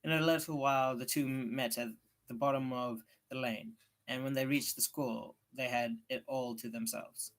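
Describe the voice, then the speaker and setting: A man's voice: mid-range voice, fairly even intonation, moderate pace. Man reading a novel aloud. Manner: unpolished, occasional restarts. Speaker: reader.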